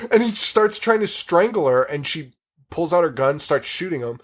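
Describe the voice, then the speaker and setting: A man's voice: fairly high pitch, big pitch swings, moderate pace, breathy edge. A man hosting a podcast, recapping a horror film in casual chat, rambling, swearing and laughing often. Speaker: podcast host.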